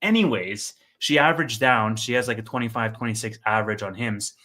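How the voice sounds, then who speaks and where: Bright-voiced young man telling a story. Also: lowish voice. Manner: animated storyteller, quick asides, laughs. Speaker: co-host of a stock market stream. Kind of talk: casual livestream chat.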